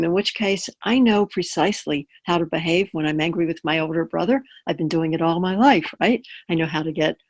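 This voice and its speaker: A woman palliative care chaplain giving a webinar talk in a conversational way, using personal examples and often checking in with her listeners. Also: fairly low pitch.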